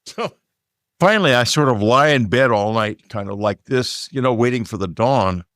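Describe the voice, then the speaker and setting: A man from Texas tells a personal story in an easygoing, conversational way. His pitch sits in a middle range for a man. He drifts into asides and fillers as he talks, and the sound is dry and close. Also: expressive, normal speed, fairly bright tone, no room sound.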